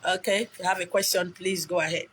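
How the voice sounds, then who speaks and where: In a low-leaning, steady, fairly bright voice, a middle-aged Nigerian woman talks fast with a Nigerian accent. She rambles emotionally and a little preachily on her own live video, a casual motivational stream recorded on a phone with a little hiss or hum.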